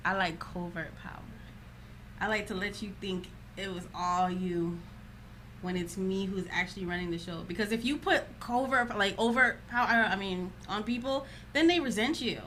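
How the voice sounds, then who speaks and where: A woman's voice: mid-range voice, normal speed, fairly bright tone, a little hiss or hum. A young woman guest in casual podcast chat, confident and playful, laughing often.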